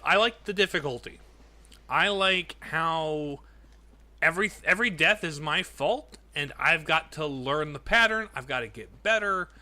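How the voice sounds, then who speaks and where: A man's voice: on the high side, bright, forceful tone. A young man streaming a video game, chatting casually and reacting aloud as he plays, with faint game music behind him. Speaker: gaming streamer. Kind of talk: casual gameplay commentary.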